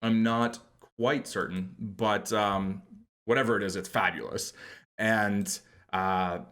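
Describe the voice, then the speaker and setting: A man's voice: lowish voice, fairly even intonation, slow, a bit bright. A man from New York hosting a podcast, chatting casually in rambling, self-deprecating asides. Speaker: podcast host. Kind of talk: casual chat.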